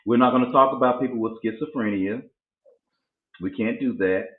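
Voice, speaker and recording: A man's voice: mid-range voice, brisk. A man with a drawl tells a story to his co-host and slips into voices for the people in it. His voice comes through thin and phone-like, with a roomy echo around it. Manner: animated, acts out voices in his stories. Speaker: podcast co-host. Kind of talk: casual storytelling chat. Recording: tinny phone-like sound in an echoey room.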